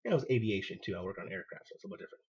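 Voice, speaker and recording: A man, a former Marine hosting his own show, telling a personal story in an animated way and acting out what people said. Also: lowish voice, racing, breathy edge, lo-fi sound. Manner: animated, acts out quoted dialogue. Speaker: podcast host, former Marine.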